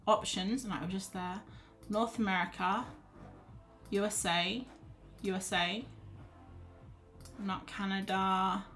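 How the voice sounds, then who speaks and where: A woman chats casually through an art livestream at a middle pitch. She is self-deprecating and thinks out loud as she goes. Soft music plays faintly underneath. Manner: chatty, self-deprecating, thinks aloud while reading chat. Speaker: art streamer.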